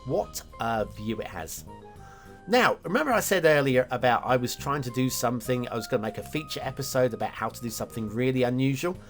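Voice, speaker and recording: Man, lively up-and-down voice, chatty game commentary, faint music underneath. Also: mid-range voice, a little fast. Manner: chatty and enthusiastic, with filler words and self-corrections. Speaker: host of a game map review show.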